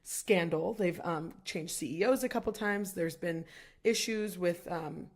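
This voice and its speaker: A young woman with a lowish voice co-hosts a podcast, speaking a little slowly. Her casual, chatty talk is packed with "like" and "um."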